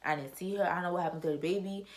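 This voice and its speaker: A teenage girl telling a storytime to camera in a chatty, animated, slangy way. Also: on the low side, very fast. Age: teens. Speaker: YouTuber. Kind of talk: casual storytime vlog.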